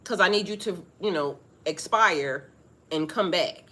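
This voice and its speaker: Profane, animated spiritual vlogger woman. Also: fairly low pitch, unhurried. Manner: profane, animated, laughs often. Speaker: spiritual reader. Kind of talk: casual spiritual monologue.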